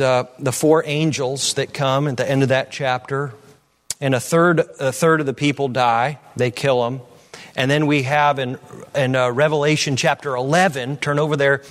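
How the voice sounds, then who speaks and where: A man preaching a sermon as pastor, reading scripture aloud and commenting with frequent fillers, swinging from low asides to loud declarations.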